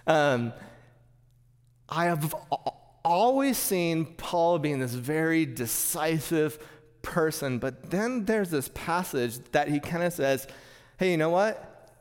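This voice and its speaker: Man, high register, sermon storyteller who trips over words; hall reverb trailing. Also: expressive, slow pace. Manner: frequent stammering restarts. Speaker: pastor. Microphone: clip-on mic.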